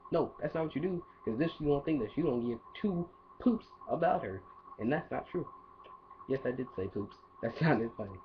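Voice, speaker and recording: A man giving casual dating advice in a rambling, playful monologue full of asides. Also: mid-range voice. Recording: dull lo-fi audio with faint hiss.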